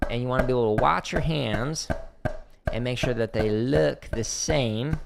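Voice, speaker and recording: A man's voice: medium pitch, normal speed, gravelly, noisy background. A man teaching drum technique on a casual livestream, explaining exercises as he demonstrates them. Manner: relaxed, explanatory, talks while demonstrating. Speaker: drum teacher streaming practice.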